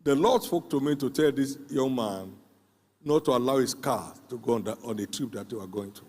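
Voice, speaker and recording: An older man preaching a sermon, emphatic, repeating phrases for weight with dramatic pauses. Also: mid-range voice, a little mellow. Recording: long hall reverb.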